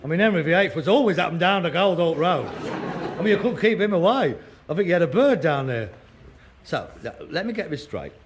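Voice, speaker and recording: A man's voice: on the high side, big pitch swings, a little fast, a little hiss or hum. An actor playing a sardonic grown son who mocks his father, in a broadcast sitcom. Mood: sarcastic. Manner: sarcastic, mocking, scornful.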